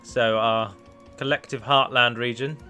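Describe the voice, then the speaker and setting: A man's voice: mid-range voice, fairly even intonation, unhurried, pushed and bright. A man casually commenting on his strategy game, thinking aloud and correcting himself. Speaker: let's play host. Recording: faint game music behind.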